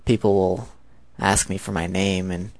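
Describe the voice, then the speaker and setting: Low-voiced 19-year-old American man. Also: level tone, a little slow, darkish tone, no echo. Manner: chatty, rambling. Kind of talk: casual spoken monologue.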